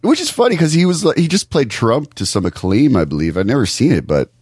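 A man co-hosting a podcast, talking things over in a thoughtful, halting way with many restarts. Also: mid-range voice, sing-song, a little mellow, a little hiss or hum. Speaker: podcast co-host. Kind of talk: casual podcast discussion.

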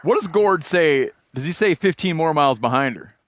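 A man's voice: a little high, lively intonation, moderate pace, no echo, studio quality. A man hosting a podcast, telling rambling fishing stories and laughing along in casual chat. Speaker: podcast host.

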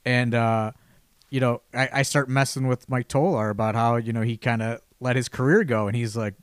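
A man's voice: medium pitch, steady tone, normal speed, clean tone, no echo, clean studio sound. A man hosting a casual podcast chat, telling a long, rambling anecdote with lots of "you know" and false starts. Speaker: podcast host telling a story.

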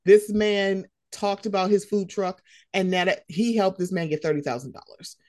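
A young woman hosting a casual pop-culture chat, animated and slangy, swearing freely. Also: mid-range voice, moderate pace, no room sound. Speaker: podcast host.

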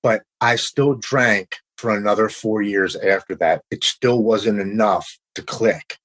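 Earnest man in his forties, low husky voice, dry close sound, halting recovery talk. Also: a bit bright, dry recording, rough recording. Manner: earnest, halting, with repeated restarts. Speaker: person in recovery sharing his story. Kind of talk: casual conversation.

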